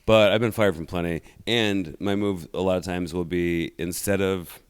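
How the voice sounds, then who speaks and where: Low-voiced laid-back male podcast co-host. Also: steady tone, normal speed, clean tone, dry recording, studio quality. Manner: laid-back, goofy, rambling. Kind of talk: casual comedic chat.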